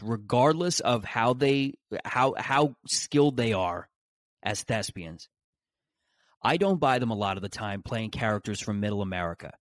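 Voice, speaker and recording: A man hosting a podcast in a casual solo monologue, speaking at a mid pitch. He rambles, jokes sarcastically and often restarts his sentences. The sound is close and dry. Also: no echo. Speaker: podcast host.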